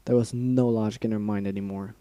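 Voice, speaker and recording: Dark-voiced man reading a story aloud. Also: lowish voice, fairly even intonation, fast talker, dry recording, rough recording. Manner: reads aloud, breaks off to react emotionally and swear. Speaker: reader of fan fiction. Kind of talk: dramatic reading with asides.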